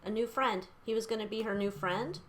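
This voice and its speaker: A woman's voice: a little high, a little fast, a bit bright, slight background noise. A young woman giving a casual tarot reading, chatty and blunt, swearing freely and using lots of fillers. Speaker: tarot reader.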